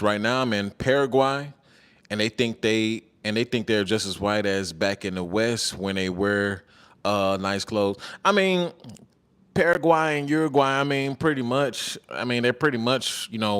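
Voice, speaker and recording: A man's voice: on the low side, a bit bright, smooth. A man hosting a casual livestream, reading viewer comments aloud in a loose, slangy way, repeating his phrases and laughing often.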